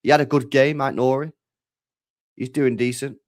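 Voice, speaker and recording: A man's voice: medium pitch, steady tone, moderate pace. A young man chatting casually, rambling, swearing freely and repeating himself in slang. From England. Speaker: streamer chatting with viewers. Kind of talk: casual chat.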